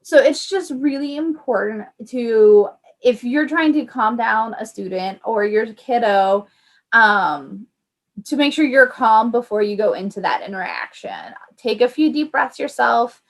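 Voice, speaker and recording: A young woman with a fairly high voice explains calming breaths to parents. She talks in a friendly, easygoing way, with plenty of fillers and loose asides, like a paraprofessional chatting after class. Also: measured pace. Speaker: early childhood paraprofessional. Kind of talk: informal parent education talk.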